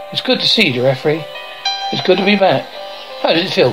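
Slightly high-voiced man reading haltingly. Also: over music, poor audio. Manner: flat, halting reading that stumbles over words. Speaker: reader of a show's transcript. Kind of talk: reading aloud a TV transcript with sound cues.

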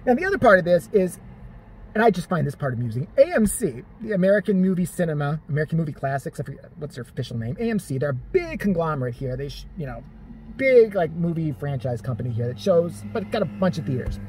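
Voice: medium pitch, sing-song, fast talker, darkish tone, slight background noise. A vlogger ranting in profane, sarcastic, exasperated commentary.

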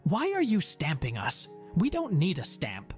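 Man doing a loud, whiny older grandmother; high, shrill, indignant storybook villain. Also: huge pitch swings, a little slow, faint music behind, exaggerated voice. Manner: shrill, hollering, whining. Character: loud rude grandmother demanding a manager.

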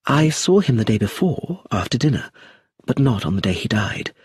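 A husky-voiced man reading an audiobook, voicing a composed middle-aged woman who speaks quietly and with restraint. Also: mid-range voice, sing-song, moderate pace, no echo, clean studio sound. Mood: calm.

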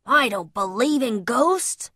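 A scornful storybook burglar, voiced by a woman speaks bluntly with a lively, swinging pitch. The recording is dry and close. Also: takes it slowly, dry recording, full character voice. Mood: scoffing. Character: gruff scornful male burglar.

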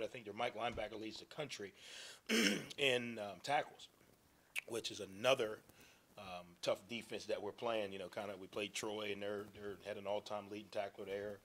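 A man, a head football coach, explaining his thinking at a press conference with many ums, repeated phrases and frequent throat clearing. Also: on the low side, normal speed, pushed and bright.

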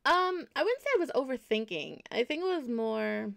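A woman's voice: high-pitched, animated, moderate pace, gravelly, a bit bright. A woman game streamer chatting casually with her viewers while she plays, rambling and correcting herself as she reassures them.

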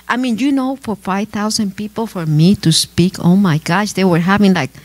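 A woman, a pastor's wife giving an animated, laughing testimony at a church teaching. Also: mid-range voice, normal speed. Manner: animated storytelling with laughing asides and restarts.

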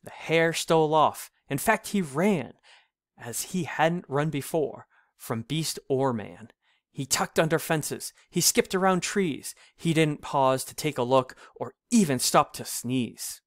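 A man reading an old rhyming storybook aloud, in a measured, sing-song delivery. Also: fairly high pitch, expressive, no room sound, clean studio sound.

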